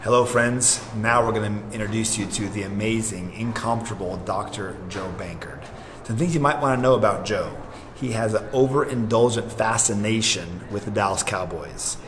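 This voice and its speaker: A man's voice: on the low side, normal speed, noisy background. A man hosting a comedic campus introduction video, narrating in a playful mock-serious way. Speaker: host.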